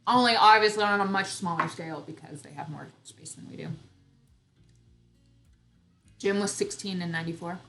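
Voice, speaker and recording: A woman's voice: on the low side, fast, vocal fry, fairly bright tone, faint music behind. A woman in her thirties hosting a casual live chat, chatty and teasing with frequent giggles. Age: 30s. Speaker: homesteading channel host. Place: home.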